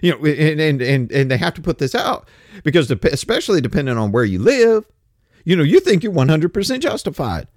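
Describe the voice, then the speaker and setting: A man's voice: on the high side, sing-song, a little fast, a little mellow, no room sound, clean studio sound. A man in his fifties delivering a blunt, opinionated monologue, ranting and swearing casually. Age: 50s.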